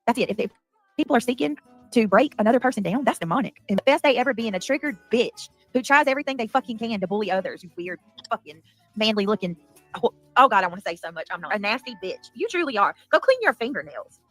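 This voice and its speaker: A woman's voice: on the high side, very animated, fast talker, faint music behind. A woman on a livestream, ranting angrily and profanely at her critics. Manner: profane, heated, rambling. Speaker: livestreamer in a played clip. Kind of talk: angry livestream rant.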